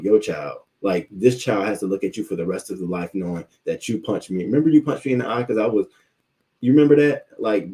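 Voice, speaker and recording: A man's voice: sits low, warm tone. A man hosting a live news commentary stream, ranting in a heated, profane way with many restarts while reacting to his chat. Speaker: livestream news commentary host.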